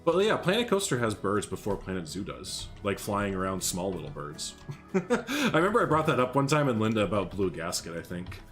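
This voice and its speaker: A young man chats casually on a live stream as he builds in a game, rambling, humming and greeting viewers by name. His voice is lowish and a bit bright with wildly swooping pitch, fairly quick, over soft background music.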